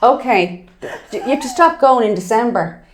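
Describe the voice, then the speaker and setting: A woman, co-hosting a casual comedy chat as a lively storyteller. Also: moderate pace. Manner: lively storyteller, acts out quotes in high voices. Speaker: comedian and podcast co-host. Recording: roomy, echoey recording.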